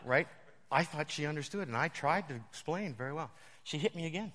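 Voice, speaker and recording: A man preaching with a bright, forceful tone and a lively, swinging pitch. He tells stories in an animated way and keeps breaking into laughter. The sound rings with the long reverb of a large hall. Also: fairly quick. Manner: animated, laughs often while telling stories. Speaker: pastor. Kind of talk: storytelling sermon.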